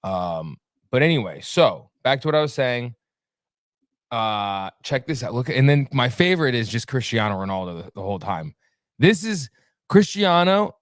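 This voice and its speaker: On a dry, studio-quality recording, a medium-pitched man hosts a sports talk podcast. The casual chat wanders along as he slips sarcastic jokes in between filler words.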